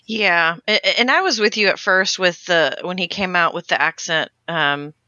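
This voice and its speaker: A woman's voice: fairly low pitch, normal speed, bright, forceful tone, dry recording, highs cut off. A woman co-hosting a casual podcast chat, chatty and filling her talk with like and you know. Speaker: podcast co-host.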